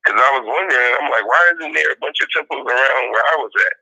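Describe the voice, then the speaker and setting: A man's voice: mid-range voice, fast talker, creaky, poor audio. A man co-hosting a casual talk show, reacting to a played clip and repeating his points with emphasis. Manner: animated, repeats points, mimics quotes. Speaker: podcast co-host.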